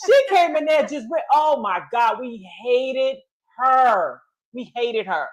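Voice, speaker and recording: A middle-aged woman telling stories in a casual chat, animated, often laughing and acting out quotes. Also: fairly high pitch, takes it slowly. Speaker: guest storyteller.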